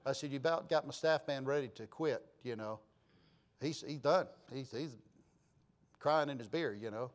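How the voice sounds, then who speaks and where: A man preaching a sermon as a pastor, telling a folksy story with animated delivery. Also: mid-range voice, moderate pace.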